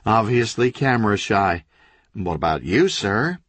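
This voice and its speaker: A man's voice: lowish voice, very animated, fairly bright tone, no echo, full character voice. Man doing a pushy TV newswoman. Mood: perky. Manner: brisk on-air reporter delivery. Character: pushy female TV newswoman, sharp-tongued.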